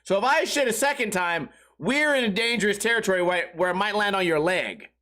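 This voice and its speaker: A man's voice: animated, a little fast, sharp tone. A man hosting a podcast, telling crude comic stories in a rambling way, laughing at his own jokes and acting out the people he quotes. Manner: acts out quoted voices with sudden pitch jumps. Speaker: podcast host. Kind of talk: solo comedic storytelling.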